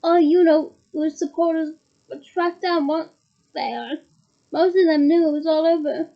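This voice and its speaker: Woman reader doing a chatty bus conductor guy, loves a juicy story, high voice, muffled audio. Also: fairly even intonation, unhurried, creaky, exaggerated voice. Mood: gossipy. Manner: gossipy, relishing a dramatic tale. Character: chatty young male bus conductor, gossipy. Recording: muffled lo-fi recording.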